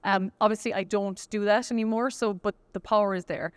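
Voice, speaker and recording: A young woman with a Kerry Irish accent, a guest singer chatting quickly in an interview, laughing often and restarting her sentences. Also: mid-range voice, fairly even intonation, clean tone, no echo. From Killarney, County Kerry, Ireland. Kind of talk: casual interview chat.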